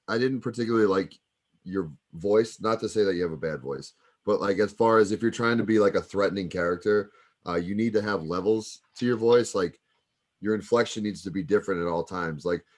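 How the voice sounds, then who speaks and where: Low-voiced man giving casual feedback. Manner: relaxed, rambling, full of fillers like "like". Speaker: wrestling coach. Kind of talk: casual critique.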